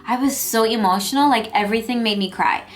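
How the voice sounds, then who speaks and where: A woman's voice: fairly high pitch, fast, soft background music. A young woman telling her birth story as a vlogger, chatty and emotional, with lots of fillers. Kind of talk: personal storytelling vlog.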